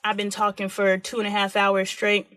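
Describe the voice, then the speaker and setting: A woman's voice: medium pitch, completely flat delivery, moderate pace, a bit bright, no echo. A woman in her forties hosting a live stream, talking frankly and animatedly, acting out quoted voices. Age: 40s. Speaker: livestream host. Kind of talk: candid live-stream talk.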